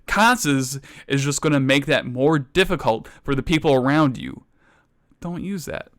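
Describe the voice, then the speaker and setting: A young man giving a mock-serious comedy lecture, ranting with exaggerated outrage that climbs toward near shouts. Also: mid-range voice, lively intonation, unhurried.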